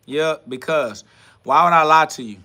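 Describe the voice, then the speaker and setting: A man's voice: fairly high pitch, normal speed, pushed and bright. A man hosting a livestream podcast, ranting in a confrontational, profane and preachy way. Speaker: podcast host. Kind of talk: livestream self-talk rant.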